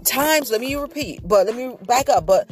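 A woman's voice: a little high, expressive, moderate pace. Earnest woman vlogger, faint music behind. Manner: earnest and emotional, often repeats herself. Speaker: vlogger sharing a faith testimony. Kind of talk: casual spoken testimony.

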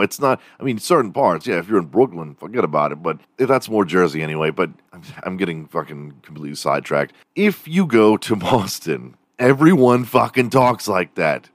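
A man's voice: a bass voice, dry recording. A man from Texas with a Texan accent hosting a podcast, ranting casually, profane and rambling. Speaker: podcast host. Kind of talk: casual rant.

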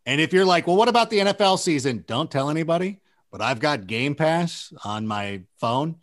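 A man's voice: a little high, expressive, moderate pace, a bit bright. A man in his thirties from Southern California, chatting casually on a podcast and rambling with lots of "like" fillers. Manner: rambling, filler-heavy with many likes. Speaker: sports media guest.

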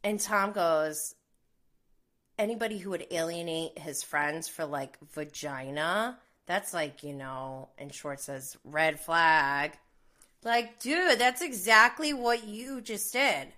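A woman's voice: on the low side, expressive, slow pace, pushed and bright. A woman in her thirties chatting casually about reality TV gossip, full of "like"s, with indignant outbursts. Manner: chatty, many "like"s, laughs between lines. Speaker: reality TV commentator.

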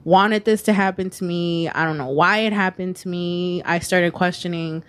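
A woman's voice: lowish voice, moderate pace, clear, resonant tone. A woman in her twenties, a podcast guest telling a personal story in a candid, casual way, swearing freely and filling her talk with "like" and "you know". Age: 20s.

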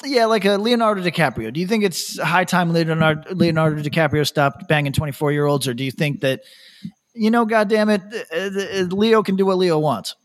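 A man hosting a podcast, telling rambling stories in casual chat, laughing often and dropping his voice low to quote people. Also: brisk. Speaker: podcast host.

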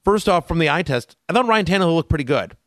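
A man's voice: fairly high pitch, lively intonation, fast, dry recording, clean studio sound. A man co-hosting a fantasy football podcast, talking casually with frequent fillers and restarts. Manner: conversational, hedging with fillers. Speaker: podcast co-host.

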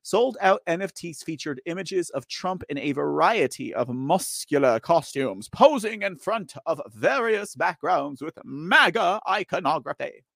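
Male political talk host, gravelly and fairly high, dry close sound; loose, uncensored asides. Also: animated, measured pace, hardly any pauses, a bit bright, dry recording. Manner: loose, uncensored, riffing asides with frequent okay and right. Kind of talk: opinionated political commentary, reading articles aloud.

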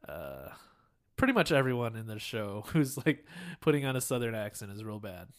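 A man co-hosting a podcast in casual chat, easygoing and quick to laugh. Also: lowish voice, big pitch swings. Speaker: podcast co-host.

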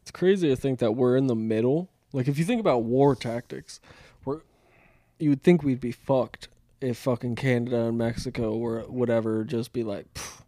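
A man's voice: medium pitch, normal speed, warm tone, no echo. A young man chats loosely on a podcast, drifting from story to story and swearing as he goes. He mimics other people in silly voices mid-sentence. His voice sounds dry and close, with no room around it. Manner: rambling, profane, acts out quotes in goofy voices. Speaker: podcast co-host. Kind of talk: casual podcast chat.

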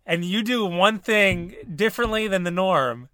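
A man's voice: high-pitched, animated, a little slow, sharp tone, no echo. A man hosting a casual podcast, bantering with dry teasing and frequent laughs. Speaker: podcast host.

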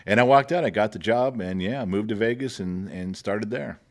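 A middle-aged man, a podcast guest, tells long stories about work into the microphone, chuckling often and acting out the people he quotes. His voice sits on the low side at a moderate pace.

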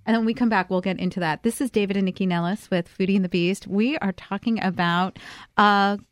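A woman co-hosting a food talk show, chatty and quick to laugh. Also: medium pitch, fairly even intonation, no echo, studio quality. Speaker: co-host.

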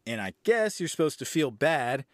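A man's voice: mid-range voice, sing-song, normal speed, no echo, studio quality. A man hosting a podcast, casually retelling a movie's plot with profanity, sarcasm and disbelief. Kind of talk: casual movie review recap.

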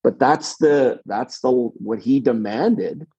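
A middle-aged man, a former hockey player, telling rambling, animated locker-room stories with many restarts. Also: medium pitch, slow, breathy edge, lo-fi sound. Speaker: podcast guest, former pro hockey player. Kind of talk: casual storytelling.

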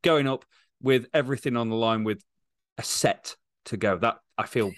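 A man co-hosting a casual sports podcast, giving measured, frank opinions. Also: mid-range voice, no echo. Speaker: podcast co-host.

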